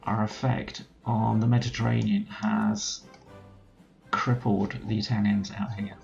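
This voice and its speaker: A man's voice: lowish voice, flat delivery, unhurried, creaky, darkish tone, muffled recording, soft background music. A man commentating a strategy game let's play, thinking aloud as he gives orders to his units. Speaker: gaming channel host.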